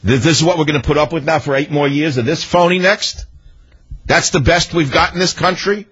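A man's voice: a little high, fairly quick, a bit bright, slightly rough. Indignant man hosting talk radio. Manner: combative, indignant, emphatic repetition. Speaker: radio talk show host. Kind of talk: talk radio monologue and calls. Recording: dull lo-fi radio audio.

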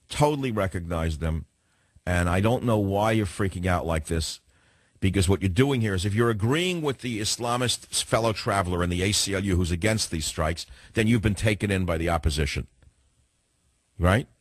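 Fast-talking New York radio host. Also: male voice, fairly low pitch, no echo. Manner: fast, emphatic, combative, with frequent repetitions. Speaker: radio talk show host. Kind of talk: opinionated talk radio monologue.

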